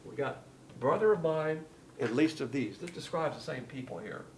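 A man's voice: a little high, lively intonation, moderate pace, a little hiss or hum. A man preaching a sermon, colloquial and emphatic, with slangy asides.

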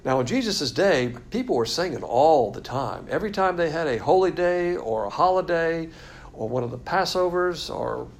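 A man's voice: on the high side, very animated, normal speed, vocal fry. A man teaching a Bible lesson from diagrams, explaining in a blunt, emphatic way.

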